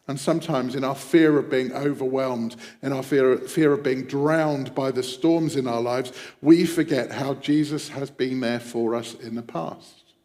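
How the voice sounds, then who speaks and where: A man preaching a devotional sermon, reflective, dropping his voice to a hush when voicing quoted prayers. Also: mid-range voice, normal speed, hardly any pauses, in a large hall. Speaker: pastor.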